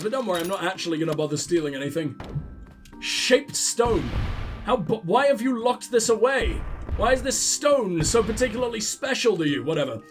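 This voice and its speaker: Sweary, high-voiced gaming host. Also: male voice, sing-song, normal speed, soft background music. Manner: rambling, sarcastic, heavy swearing. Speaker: let's play host. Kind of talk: casual gaming commentary.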